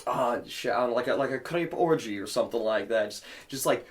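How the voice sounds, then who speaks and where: A man's voice: mid-range voice, fairly quick. Rambling young man, casual podcast chat. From Cleveland area. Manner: loose, rambling, lots of fillers. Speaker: podcast co-host.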